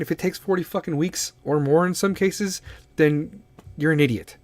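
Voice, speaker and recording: A man's voice: fairly high pitch, brisk, a little mellow, no room sound. A man hosting a casual solo podcast, talking bluntly and swearing a lot as he gives his opinions. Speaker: podcast host.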